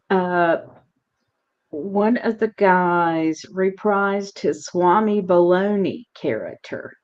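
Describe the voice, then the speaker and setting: A woman hosting a casual chat, telling stories in an unhurried, chatty way. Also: mid-range voice. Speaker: host. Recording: dull lo-fi sound.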